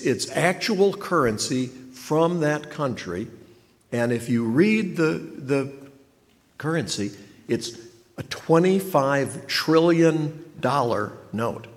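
A man preaching a sermon with dry humor, asking questions and answering them himself. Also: mid-range voice. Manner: wry, asks and answers his own questions. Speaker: pastor. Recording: long reverb of a large hall.

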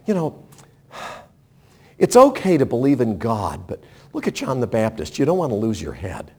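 A man's voice: medium pitch, wildly swooping pitch, moderate pace, mellow, husky. A man preaching a sermon, emphatic and direct, asking the listeners rhetorical questions. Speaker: pastor.

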